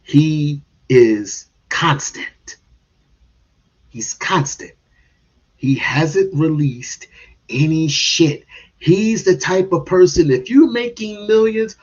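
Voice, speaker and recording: A man's voice: fairly high pitch, animated, slow, highs cut off. A man giving heated, casual commentary on a stream, restarting and repeating words as he goes.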